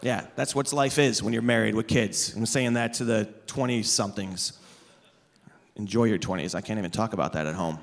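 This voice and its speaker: Here the comedian, a man in his thirties, sounds fairly low and gravelly and talks briskly. On a stage before a live crowd, he works an amplified mic, sarcastically ribbing the people watching his stand-up.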